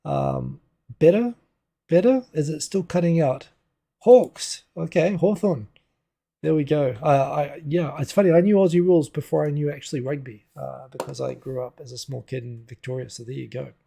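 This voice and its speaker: Gravelly-voiced man rambling on a livestream. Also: a little high, normal speed, warm tone. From New Zealand. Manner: rambling, chatty, answers viewer comments on the fly. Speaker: livestream host. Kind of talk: casual livestream chat. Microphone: desk USB microphone.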